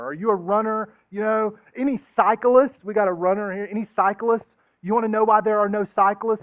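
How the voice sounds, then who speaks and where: Casting: male pastor, high voice, easygoing joking sermon, dry thin phone-like recording. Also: dry recording. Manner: joking, conversational, acts out quoted voices. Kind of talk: casual sermon. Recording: tinny phone-like sound.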